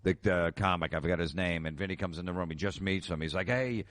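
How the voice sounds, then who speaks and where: A man with a lowish voice talking quickly in a casual podcast chat. He tells stories and slips into the voices of the people in them. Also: little pitch movement, a bit bright, no room sound, studio quality. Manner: storytelling, acting out quotes. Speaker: podcast host and comedian.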